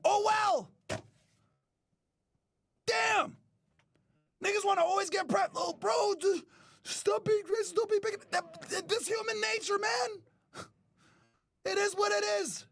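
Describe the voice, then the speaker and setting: A man hosting a podcast, ranting loudly with profanity, often shouting and mocking others in whiny put-on voices. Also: very high-pitched, dry recording, studio quality. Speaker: podcast host. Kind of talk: ranting commentary.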